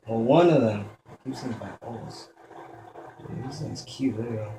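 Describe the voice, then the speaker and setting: A man's voice: on the low side, normal speed. A young man giving profane, joking commentary while playing a video game and talking back at the enemies. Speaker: gameplay commentator. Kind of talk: let's play commentary. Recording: echoey room with steady noise.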